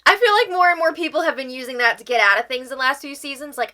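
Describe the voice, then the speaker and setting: A woman hosts a casual recap of a reality show, talking things through in a chatty way with opinionated asides. Her voice sits somewhat high and sounds bright and forceful. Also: fast talker.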